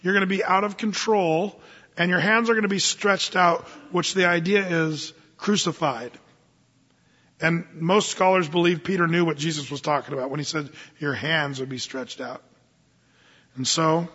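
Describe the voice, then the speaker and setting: A man preaching a sermon as pastor, animated and conversational, reading scripture slowly and deliberately. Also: a little high, slightly rough, big-room sound, lo-fi sound.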